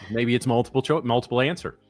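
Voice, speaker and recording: A man's voice: mid-range voice, steady tone, quick pace, faint music behind. A man co-hosting a live trading stream, rambling and joking with plenty of swearing. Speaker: trader co-host. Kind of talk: casual live-stream banter.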